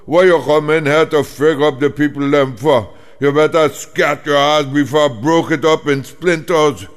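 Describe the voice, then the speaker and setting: A man's voice: a little high, steady tone, moderate pace, natural voice. A man doing a burly bullying island man. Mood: threatening. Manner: blunt and bullying. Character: big, burly island man, gruff and threatening. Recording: long hall reverb.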